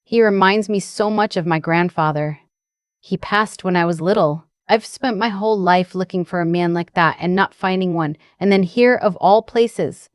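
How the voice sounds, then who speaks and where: A woman doing a gentle, tearful young woman. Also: lowish voice, moderate pace, clean tone, no echo, studio quality, lightly acted. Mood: tender. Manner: gentle, emotional, confiding. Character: young woman, soft-spoken, grateful and tender.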